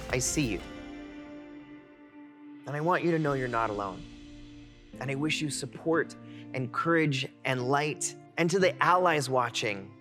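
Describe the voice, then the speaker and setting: A man in his twenties giving a heartfelt keynote, telling his own story in an animated way. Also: mid-range voice. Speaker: keynote speaker. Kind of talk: personal storytelling talk. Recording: music playing underneath.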